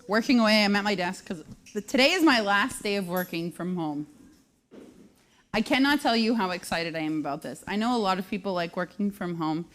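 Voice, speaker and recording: Woman in her 30s, brash and self-deprecating, rattling off funny stories on a live show. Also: medium pitch. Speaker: host. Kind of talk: live comedic storytelling.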